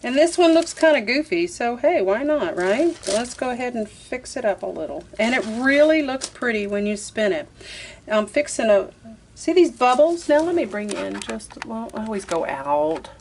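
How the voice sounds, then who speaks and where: Her voice is a little high and a little mellow, swinging widely in pitch at a moderate pace, with some hiss or hum. She's a chatty woman guiding viewers through a casual craft tutorial step by step, saying "y'all" and talking to herself while she works.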